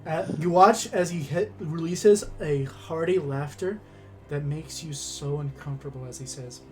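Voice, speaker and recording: Slow-narrating male game master. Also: a little high, soft background music. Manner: slow, descriptive narration with restarts.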